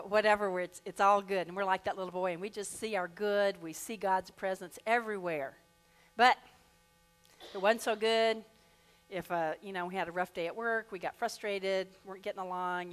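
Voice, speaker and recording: A woman minister giving a sermon in a church, leading the congregation through slow affirmations and reading a rhyming poem with lively expression. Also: mid-range voice. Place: church sanctuary.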